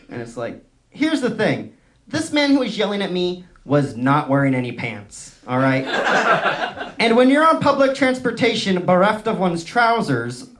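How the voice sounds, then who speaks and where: A young male stand-up comedian from San Francisco, telling self-mocking stories in a wry, deadpan way on a club stage. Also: on the high side. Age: young adult. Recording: noisy live club recording.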